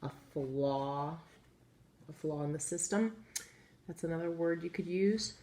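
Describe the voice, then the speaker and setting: Low-voiced woman teaching young kids phonics. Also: warm tone. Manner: patient, encouraging, sounds words out slowly. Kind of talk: phonics lesson for young children. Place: classroom with chalkboard. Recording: echoey room, faint ambient noise.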